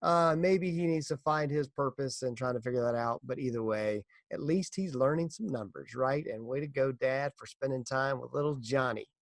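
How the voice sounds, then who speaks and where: Middle-aged male podcaster, earnest encouraging delivery, some vocal fry. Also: mid-range voice, moderate pace, few pauses, no room sound, clean studio sound. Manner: earnest, encouraging, tells a corny joke. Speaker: podcast host. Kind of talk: casual motivational podcast talk.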